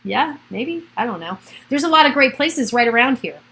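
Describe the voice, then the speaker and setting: A woman's voice: fairly high pitch, lively intonation, normal speed, a bit bright, low-quality recording. A middle-aged woman, a realtor hosting a casual livestream from home, chatting in a rambling way and laughing often. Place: at home by a computer.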